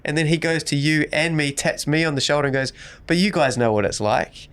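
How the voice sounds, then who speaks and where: A man's voice: a little high, brisk. A man co-hosting a podcast, telling a long anecdote in casual chat and acting out the lines of the people in it. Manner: lively storyteller acting out quoted dialogue. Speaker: podcast co-host.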